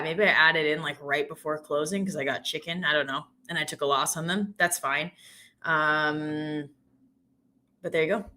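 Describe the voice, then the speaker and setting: Woman stream host, casual and self-deprecating, bright tone. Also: deep voice. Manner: chatty, giggly, self-deprecating. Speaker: live trading stream host. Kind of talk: casual live-stream chat.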